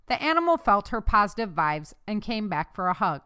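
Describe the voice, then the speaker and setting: Smooth-voiced woman narrating a novel. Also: medium pitch, very animated, fairly quick, sharp tone. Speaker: audiobook narrator. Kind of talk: scripted narration.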